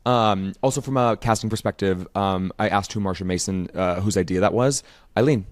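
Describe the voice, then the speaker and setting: A man's voice: low-pitched, fairly quick, no room sound. A man co-hosting a podcast, recapping an episode in casual, enthusiastic chat. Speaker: podcast co-host.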